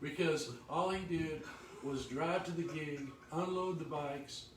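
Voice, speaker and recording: A man telling rambling tour stories in casual chat, slipping into lively quoted voices. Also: fairly high pitch, a little slow, recorded from a distance, slight background noise. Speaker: former touring musician telling road stories. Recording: echoey room, voice from off-mic.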